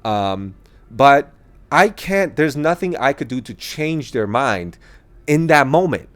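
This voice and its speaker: Chatty man with lively quoted voices. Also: medium pitch. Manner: animated, laughing, quick quoted voices. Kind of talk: casual opinion monologue.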